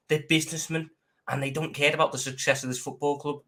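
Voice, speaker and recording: A man debating football as a fan pundit, animated, sometimes mimicking others mockingly. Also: on the high side, fast.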